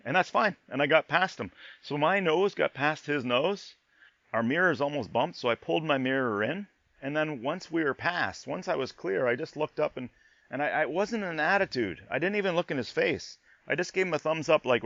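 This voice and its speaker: Middle-aged male podcast host, casual storytelling, animated and repetitive, dry close sound, slightly dull audio. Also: on the high side, a little fast, vocal fry, no room sound. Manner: animated, repeats himself, swears in disbelief.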